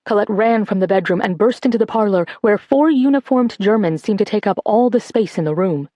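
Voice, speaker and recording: A woman narrating an audiobook in a measured, expressive reading. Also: medium pitch, dry recording, highs cut off.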